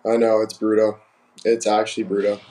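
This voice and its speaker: A young man with a fairly low voice hosts a casual live stream. He rambles candidly through personal stories and answers comments from viewers as they come in. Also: monotone, brisk, mellow, slight background noise, rough recording. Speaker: livestream host. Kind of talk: casual livestream chat.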